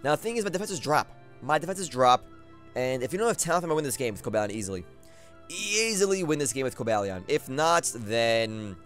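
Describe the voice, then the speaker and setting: A young man giving live commentary on his own online game battle, excitable and trash-talking, repeating phrases as he plays. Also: mid-range voice. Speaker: gaming commentator.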